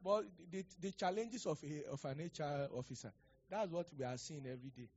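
A male pastor preaching a sermon, animated and acting out conversations, rising to loud declarations. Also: fairly high pitch, fairly quick, husky, dull audio. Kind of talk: sermon with prophecy and storytelling.

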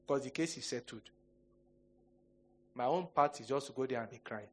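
A man's voice: medium pitch, fairly quick, a little hiss or hum. A male pastor preaching a sermon, telling humorous stories and acting out quoted voices. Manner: animated storytelling, jokes and mock quotes.

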